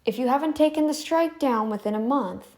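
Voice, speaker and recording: A woman's voice: high-pitched, fairly quick, darkish tone. A woman talking off camera from her home, repeating her demands in a confrontational way with frequent restarts. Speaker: YouTube commentary channel host. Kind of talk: casual direct-to-camera monologue. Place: home room, not in frame.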